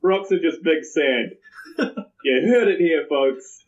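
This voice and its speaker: A man's voice: on the high side, takes it slowly, dull audio. A man playing a tabletop game, bantering casually. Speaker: player.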